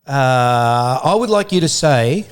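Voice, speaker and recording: A man's voice: medium pitch, expressive, slow, clear, resonant tone. A man co-hosting a casual podcast, playful and often stumbling over repeated words. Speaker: podcast co-host. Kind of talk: casual chat.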